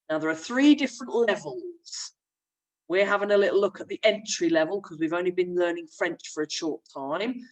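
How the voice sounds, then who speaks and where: A woman's voice: lowish voice, far from the mic, low-quality recording. A young woman, a primary school teacher, chattily explaining a remote lesson while sharing her screen. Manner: friendly, chatty classroom explaining.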